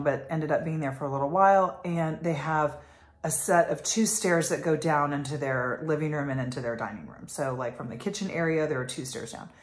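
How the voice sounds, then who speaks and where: Passionate rambling woman, low voice, echoey room. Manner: rambling, passionate, many fillers. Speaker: life coach. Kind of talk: casual vlog monologue.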